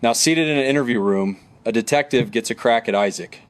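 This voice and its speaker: A man giving scripted true crime narration in a matter-of-fact, even delivery. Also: medium pitch, a little fast.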